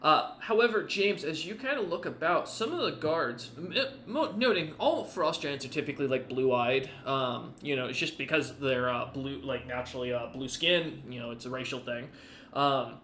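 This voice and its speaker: A man's voice: medium pitch, expressive, normal speed, pushed and bright, roomy sound, slight background noise. A man narrating a tabletop game as game master, rambling with fillers and restarts.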